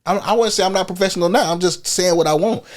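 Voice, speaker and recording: A man's voice: sits high, fast. A man co-hosting a podcast in casual chat. He is blunt and profane and keeps prodding the others with questions. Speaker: podcast co-host.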